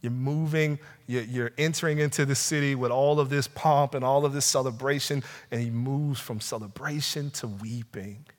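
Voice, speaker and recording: A man preaching a sermon, rising to loud urgent pleas and dropping to slow, hushed passages. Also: mid-range voice, fairly even intonation. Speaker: pastor. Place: church sanctuary. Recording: long hall reverb.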